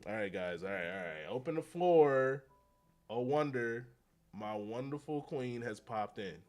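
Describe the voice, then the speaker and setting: A man chatting casually on his gaming livestream, rambling and slangy and often excitable, with frequent laughter. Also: mid-range voice, measured pace.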